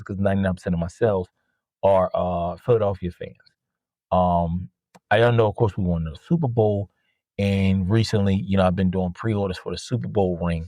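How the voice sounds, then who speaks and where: A man with a somewhat low voice rants casually about his customers, swearing freely and jumping up in pitch when he mimics them. The sound is dry and close, with no room around it. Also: dry recording, low-quality recording. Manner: animated, profane, mimics customers in a higher voice. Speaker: podcast host and jersey seller. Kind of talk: casual storytelling rant.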